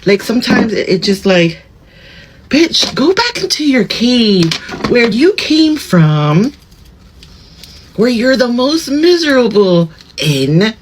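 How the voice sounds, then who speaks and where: Woman, blunt profane ranter, slow unhurried delivery, lively pitch. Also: background noise. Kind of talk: casual ranting vlog.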